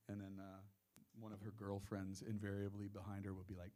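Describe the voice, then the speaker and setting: A middle-aged man with a Texan accent, a singer-songwriter chatting casually between songs in a relaxed storytelling way. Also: fairly low pitch, fast, few pauses, soft background music. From Texas. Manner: relaxed storytelling, drawls into quoted voices. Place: small music workshop venue, live session.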